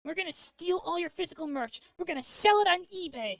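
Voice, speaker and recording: A woman's voice: very high-pitched, lively intonation, a little fast, no echo, low-quality recording. A woman VTuber chatting casually on a gaming stream, rambling in a manic, jokey way and swearing now and then.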